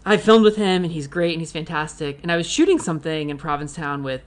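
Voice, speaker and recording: A man's voice: on the high side, lively intonation, fast. Chatty, giggly man telling stories. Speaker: filmmaker. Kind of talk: casual podcast chat.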